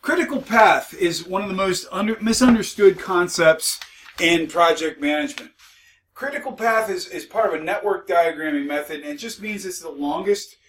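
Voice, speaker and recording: A man's voice: high voice, normal speed, a bit bright, far from the mic, a little hiss or hum, poor audio. A male instructor giving a recorded lecture, conversational and mildly sarcastic, with frequent restarts.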